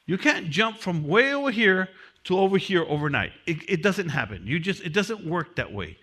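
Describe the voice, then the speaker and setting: Animated, high-voiced man teaching a seminar. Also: normal speed. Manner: repetitive, emphatic, drills key phrases; speaks from personal experience of prison. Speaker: mentoring class teacher. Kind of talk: motivational seminar lecture.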